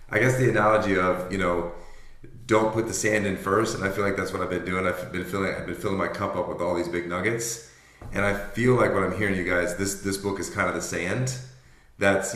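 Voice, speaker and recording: A man's voice: sits low, fairly bright tone, reverberant. A man leading a book club over an online call, chatting casually in a rambling, apologetic, self-deprecating way. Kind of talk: casual chat.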